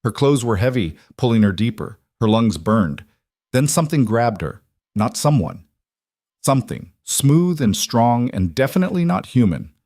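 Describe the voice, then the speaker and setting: A man narrating a fantasy romance story in a steady, scripted reading. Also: medium pitch, normal speed, no echo, studio quality.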